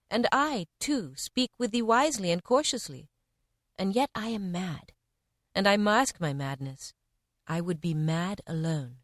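Expressive woman reading old parables. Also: dry recording, clean studio sound. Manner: measured, expressive reading with varied pitch. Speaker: reader. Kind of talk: scripted narration of parables.

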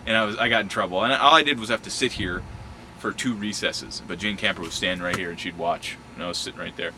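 Back at his old school, a man casually reminisces outdoors in the schoolyard, telling childhood stories with acted-out voices, sound effects and frequent laughter. He talks fast in a low, pushed, bright voice, and the poor audio has a little hiss or hum.

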